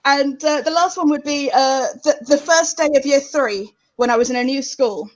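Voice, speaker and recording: A woman's voice: sits high, normal speed. Chatty South East London woman. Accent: South East London English. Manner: rambling, filler-heavy storytelling. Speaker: comedian panelist. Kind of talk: casual anecdote telling on a panel.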